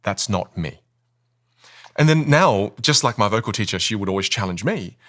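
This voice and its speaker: A man's voice: lowish voice, expressive, brisk, a bit bright. A man who coaches communication, explaining with energy and emphasis in a podcast interview and often asking rhetorical questions.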